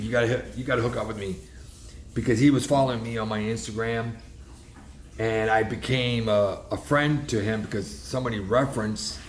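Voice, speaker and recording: A man's voice: on the low side, echoey room, a little hiss or hum. A man casually telling a story in a rambling, emphatic way, often restarting his sentences. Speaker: realtor vlogger.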